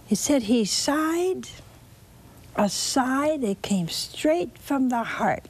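A woman preaching a sermon, telling a scripture story slowly and expressively with dramatic repetition. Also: sits high, animated, darkish tone, slight background noise.

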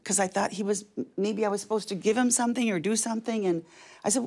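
Gravelly older woman telling a story. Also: medium pitch. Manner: lively, fast-moving anecdotes with quick asides. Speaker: interview guest. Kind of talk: animated storytelling.

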